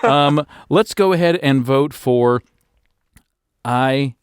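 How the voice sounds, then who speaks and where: A man's voice: mid-range voice, slow pace, clean tone, no room sound, clean studio sound. A man on a comedy game show panel, teasing the others in a mock-serious way.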